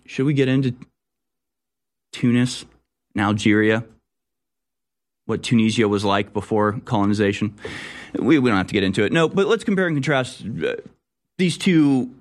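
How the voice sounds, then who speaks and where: A man hosting a talk radio show, giving sarcastic, rambling political commentary. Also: mid-range voice. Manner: mocking, sarcastic, loose and rambling.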